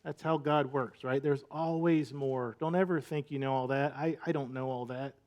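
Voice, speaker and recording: A man's voice: mid-range voice, fairly even intonation, moderate pace, muffled recording. A male pastor giving a sermon in a conversational, storytelling way, full of rhetorical questions.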